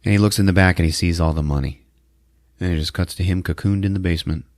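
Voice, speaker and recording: A man's voice: sits low, steady tone, fast talker, darkish tone, dry recording, studio quality. A man hosting a podcast, recapping a movie in a casual way and acting out the lines in put-on voices with frequent laughter. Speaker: podcast host.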